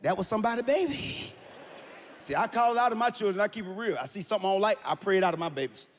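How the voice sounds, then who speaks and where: A stand-up comedian works the room in a very high, animated voice, shouting his punchlines and acting out his stories. The sound carries a long hall reverb over faint room noise. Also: fast. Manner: loud, animated storytelling with shouted punchlines and acted-out quotes. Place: stage in a large hall with a live audience.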